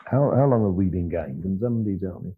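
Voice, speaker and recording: A man's voice: low-pitched, animated, fast, husky. An older man giving a lecture, telling stories animatedly, acting out dialogue and often laughing. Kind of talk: lecture with storytelling. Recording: lo-fi, phone-like archival tape.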